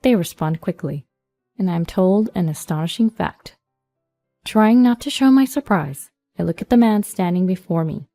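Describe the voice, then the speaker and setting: A woman narrating a first-person story in an even, measured reading. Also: lowish voice, dry recording, soft background music.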